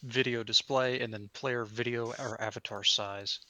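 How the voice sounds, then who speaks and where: Bright-voiced man giving menu directions. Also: mid-range voice, fairly even intonation, moderate pace, no echo. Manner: helpful, gives step-by-step menu directions. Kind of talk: casual chat on a voice call.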